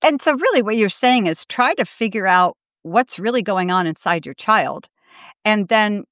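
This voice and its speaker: A woman's voice: mid-range voice, animated, normal speed, a bit bright, dry recording, clean studio sound. Thoughtful woman hosting a podcast. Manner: thoughtful, searching for words. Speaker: podcast host, doctor. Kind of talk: interview questions.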